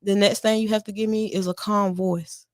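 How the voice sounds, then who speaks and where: A woman's voice: medium pitch, level tone, moderate pace, dry recording, clean studio sound. A woman guest on a podcast explaining her parent coaching in an earnest, repetitive way. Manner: earnest, repeats herself, acts out lines to her kids. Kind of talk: casual podcast conversation.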